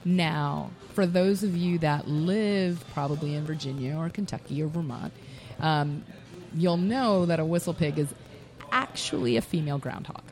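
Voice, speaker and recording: A woman, a guest on the show, telling an animated story about her brand in a casual interview, recorded in a bar. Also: sits low, moderate pace. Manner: animated storyteller who acts out dialogue. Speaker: whiskey brand representative, guest. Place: busy bar. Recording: bar with faint background music.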